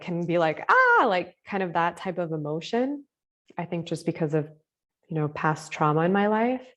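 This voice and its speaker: A woman teaching a spiritual class live over a video call, with a voice pitched a bit low. She speaks gently and casually and often leans on filler words. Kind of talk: live online masterclass.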